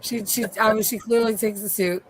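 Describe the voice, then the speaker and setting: A woman hosting a casual live recap, retelling scenes in an animated way and acting out the characters' lines. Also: a little high, a little fast, breathy edge, dry recording. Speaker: host.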